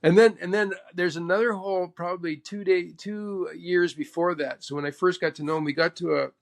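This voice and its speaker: A man from Canada, a pro golfer, telling stories in an interview in an animated way, acting out what others said. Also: sits high, brisk, gravelly. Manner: animated, acts out the other person's speech. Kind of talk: storytelling interview.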